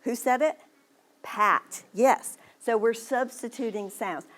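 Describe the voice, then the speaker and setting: A woman's voice: a little high, takes it slowly, a bit bright. A woman giving an early literacy presentation to parents in a library meeting room. She explains patiently and models letter sounds aloud.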